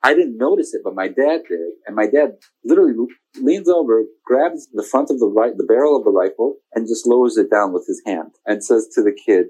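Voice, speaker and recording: A man in his forties tells a long personal story as an interview guest, speaking at a medium pitch in a casual tone. He gets animated when he acts out what other people said, and he laughs often along the way. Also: a little fast, hardly any pauses, breathy edge, poor audio. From United States.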